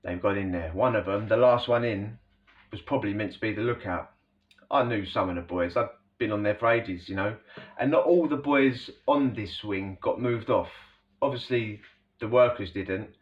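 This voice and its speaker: A man's voice: fairly low pitch, normal speed. A man casually telling a prison story, rambling and slangy, full of asides to the listener. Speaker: storyteller recounting prison life. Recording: distant, dull lo-fi recording.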